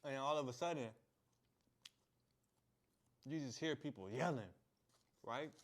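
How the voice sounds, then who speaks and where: A man's voice: medium pitch, measured pace. A young man, a vlogger, telling a story in a casual, slangy way, laughing and acting out the scenes. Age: young adult.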